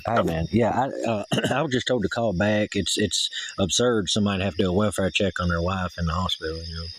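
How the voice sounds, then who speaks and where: A man talks fast and low on a phone call. He rambles through his grievances and swears heavily. There is faint outdoor night noise around him. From Tennessee. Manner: rambling, aggrieved, swears heavily when angry. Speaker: caller.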